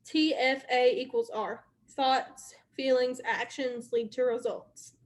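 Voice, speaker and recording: A woman's voice: sits high, steady tone, slow pace. A young woman leading her sales team in a casual motivational live stream, chatty and repetitive, talking straight to her viewers.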